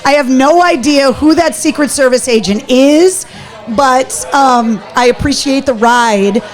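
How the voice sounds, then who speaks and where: A woman with a high, bright-sounding voice hosts a live show from a pub. She tells her story in a casual, animated rush and acts out what people said. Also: faint music behind. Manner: animated, quick storytelling with acted-out quotes. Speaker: host of a live talk show.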